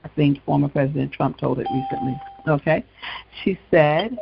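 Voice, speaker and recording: A man's voice: on the high side, moderate pace, gravelly, lo-fi sound, noisy background. A man hosting an evening gospel talk show, telling a story with casual asides. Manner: conversational storytelling, frequent asides. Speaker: host.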